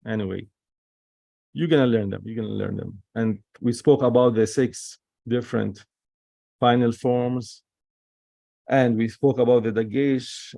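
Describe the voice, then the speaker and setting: A man's voice: medium pitch, vocal fry, warm tone, no echo, studio quality. A man teaching an online Hebrew reading lesson, patiently sounding words out syllable by syllable and repeating key points.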